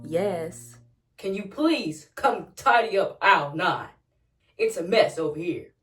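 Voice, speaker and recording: A woman's voice: lowish voice, expressive, slow, echoey room, over music. A young woman voicing her petty, bossy woman store manager, calling out names and giving orders in a mock-sweet sing-song.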